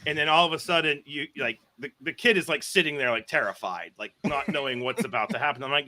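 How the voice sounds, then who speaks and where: Bright, lively professor telling stories. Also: male voice, fairly high pitch, fast talker, few pauses. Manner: laughing, swearing casually. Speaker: biology professor guest. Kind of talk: animated storytelling.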